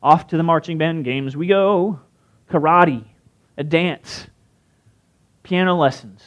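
High-voiced man preaching. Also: takes it slowly. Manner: conversational, asks the crowd questions. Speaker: pastor. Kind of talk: sermon.

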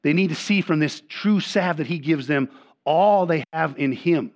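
An older man preaching a sermon as pastor. He often repeats and restarts words, and he swings between loud, emphatic lines and quiet asides. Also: fairly high pitch, moderate pace. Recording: dull lo-fi sermon recording.

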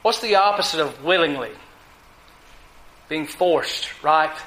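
A man preaching a sermon to a congregation, with deliberate emphasis and frequent rhetorical questions. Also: fairly high pitch, a bit bright, echoey room, rough recording.

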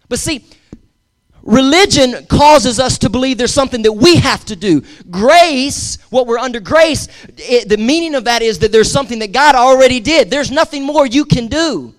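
Preaching in a very high, expressive voice at a normal speed, this pastor delivers an emphatic sermon. He leans on repetition and call-and-response with the congregation, with conversational asides mixed in.

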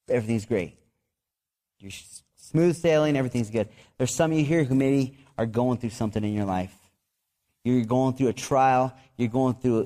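Man preaching in a lively, conversational way. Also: medium pitch. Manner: conversational preaching with restarts and repeated words; animated storytelling with excited outbursts. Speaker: pastor. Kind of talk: sermon.

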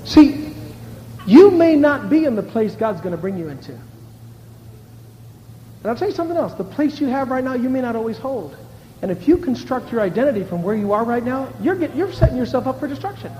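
High-voiced animated pastor in an echoey church. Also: male voice, brisk, a little hiss or hum. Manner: animated, shifts between shouting and hushed, laughs often. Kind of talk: sermon.

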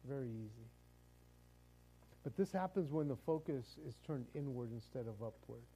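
Mellow-voiced pastor preaching casually. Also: male voice, mid-range voice, expressive, moderate pace, rough recording. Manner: conversational preaching, repeats words, chuckles. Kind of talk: sermon.

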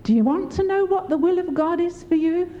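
A woman's voice: a little fast, dull audio, slight background noise. An older woman preaching a sermon, encouraging and often laughing as she speaks. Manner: warm, laughing, encouraging, lively pitch swings.

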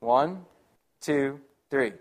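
A man's voice: mid-range voice, very slow, very noisy. A young man preaching a sermon in a chatty, upbeat, conversational way, often checking in with the congregation. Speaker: guest preacher.

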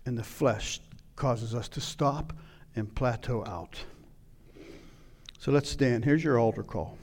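A man preaching a sermon, retelling a scripture story and acting out its scenes with sudden loud outbursts. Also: medium pitch, takes it slowly. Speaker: pastor.

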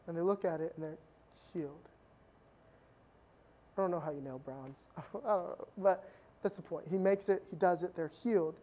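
A pastor preaches unhurriedly, leaving long pauses, in a mid-range voice. He tells stories conversationally with humorous asides, swinging suddenly from loud emphasis down to quiet intensity.

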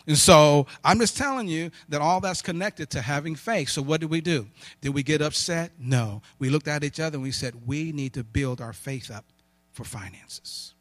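This sermon with storytelling comes in a fairly high, somewhat bright male voice, recorded without echo. The preacher shares personal stories emphatically, using call-and-response and answering his own questions.

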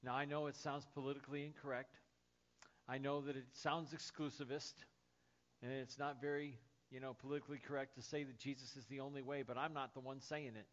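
A man preaching a sermon as pastor, dropping to soft, hushed lines and rising to loud, excited storytelling. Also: medium pitch, fairly quick, highs cut off.

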